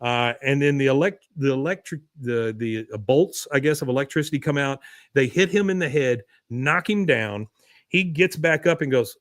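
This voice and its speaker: A man casually recapping a cartoon episode on a livestream, rambling and loose with many fillers. His voice sits at an ordinary pitch. It is close and dry, with no room echo. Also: normal speed. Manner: rambling, filler-heavy storytelling. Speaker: podcast host.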